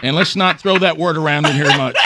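A man, hosting talk radio and telling a funny story, animated and self-mocking. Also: on the high side, quick pace, very noisy.

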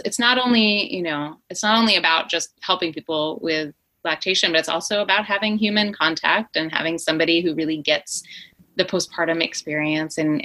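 A middle-aged woman, a company founder, talking eagerly in an interview, with quick restarts and fillers. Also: low-pitched, sharp tone, poor audio. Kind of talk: conversational interview.

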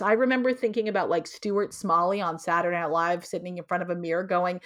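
A middle-aged woman, an author and guest in an interview, talking in an expressive, emphatic way with lively quoted asides. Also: medium pitch, moderate pace, hardly any pauses. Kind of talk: casual interview conversation.

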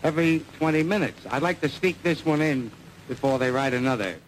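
A man's voice: fairly high pitch, fairly quick, slight background noise, low-quality recording. A man doing droll, self-mocking stage patter in an old archival recording. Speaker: archival vaudeville comedian.

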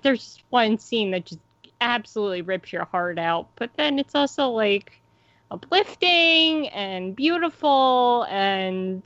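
A woman co-hosting a casual podcast chat, excitable and chatty, filling her talk with "like". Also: medium pitch, no echo. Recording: muffled lo-fi dry sound.

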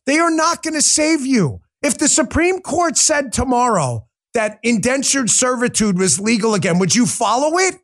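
A man's voice: very high voice, very animated, moderate pace, few pauses, fairly bright tone. A male talk show host doing political commentary, combative and sarcastic, firing rhetorical questions straight at his listeners.

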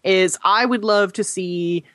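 A woman's voice: medium pitch, slow pace, background noise. A woman co-hosting a gaming podcast, enthusiastic and a bit rambling, with lots of "like" and "you know.". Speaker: podcast co-host. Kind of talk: casual podcast chat.

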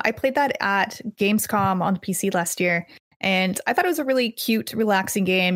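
A woman's voice: medium pitch, dry recording. Woman doing game news on a podcast, upbeat, dry close sound. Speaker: podcast host. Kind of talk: casual news rundown.

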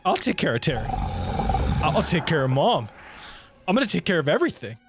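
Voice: medium pitch, big pitch swings, a little fast, background noise. A performer in a rambling comedic monologue, talking in loops and repeating phrases, growing frantic and cursing. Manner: rambling, repetitive, frantic, swears a lot. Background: music.

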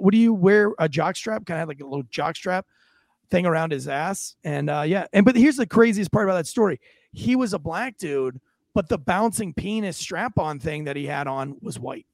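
A man's voice: fairly high pitch, no echo, clean studio sound. A man co-hosting a podcast, telling rambling crude stories from his police work in casual chat. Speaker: podcast co-host, police officer.

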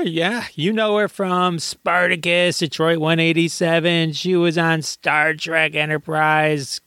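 A man's voice: a little high, fairly bright tone, clear, resonant tone, no room sound, clean studio sound. A man hosting a podcast, delivering a playful comic monologue with mock-hype. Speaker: podcast host.

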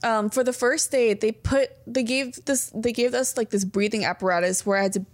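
Animated, foul-mouthed woman telling stories. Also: a little high, brisk. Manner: profane, animated storytelling. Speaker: podcast co-host. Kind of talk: casual chat.

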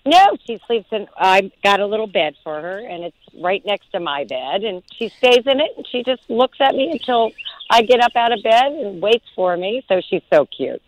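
A woman's voice: mid-range voice, big pitch swings, normal speed, poor audio. The host's mother chats casually in a dry, teasing way. Her voice has plenty of melody and moves up and down easily. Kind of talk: casual chat.

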